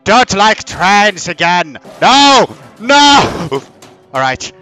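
Goofy young man yelling over a game. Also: high-pitched, sing-song, very slow, faint music behind. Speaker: let's play host. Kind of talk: gaming commentary.

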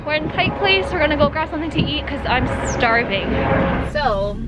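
A woman's voice: high-pitched, animated, moderate pace, far from the mic, loud music behind the voice. A young woman chatting casually to camera in a bubbly, talkative vlog. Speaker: vlogger.

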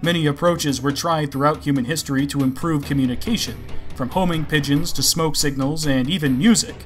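A man's voice: a little high, brisk. Wry male lore narrator over music. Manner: wry, self-deprecating. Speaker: host of a video series on game mechs. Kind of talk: scripted narration.

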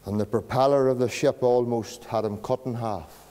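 A man preaching a sermon in a church, using slow dramatic pauses and dropping to a hush on key words. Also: mid-range voice, fairly even intonation. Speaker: pastor. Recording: long church reverb.

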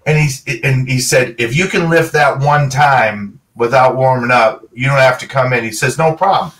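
A man's voice: medium pitch, normal speed, distant mic. A middle-aged man, a former pro football player, telling stories as an interview guest and acting out the dialogue. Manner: animated storyteller, acts out quoted dialogue. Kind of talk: casual storytelling.

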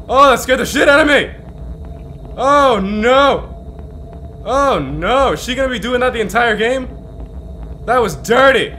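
A man playing a horror game and commenting, easily startled, swearing and yelling back at the ghosts. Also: very high-pitched, animated, unhurried, long pauses, a little hiss or hum. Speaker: gaming channel host.

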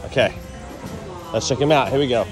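A man's voice: mid-range voice, fairly quick. A man vlogging a shopping trip with his toddler, talking in a playful sing-song baby-talk way and laughing often, inside a big warehouse store. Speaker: vlogger dad. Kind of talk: casual family vlog chat. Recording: background music under the voice.

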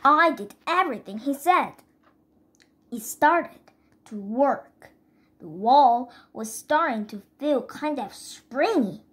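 A woman reading a children's chapter book aloud in careful, steady first-person narration. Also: high-pitched, slow. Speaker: reader.

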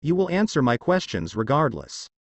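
A man's voice: mid-range voice, very animated, moderate pace, no echo. A man voicing a proud, suspicious young huntress who questions sharply. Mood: demanding. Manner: sharp, demanding.

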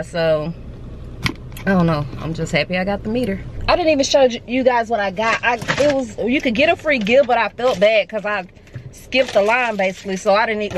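A woman vlogging casually, chatty and excitable, talking straight to her viewers while out at a mall. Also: mid-range voice, slight background noise. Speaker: beauty vlogger. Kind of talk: casual vlog chat to camera. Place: out and about in a mall and car.

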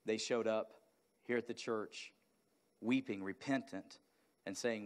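A male pastor preaching a sermon, moving from a quiet personal story into loud, fervent exhortation to the congregation. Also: lowish voice, fairly even intonation, measured pace, pauses often. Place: church sanctuary.

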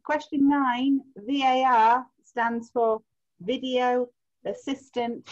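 Female quiz host on a video call, higher voice, relaxed, chatty delivery, dull lo-fi audio. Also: slow. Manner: chatty, laughs easily, stretches out answers.

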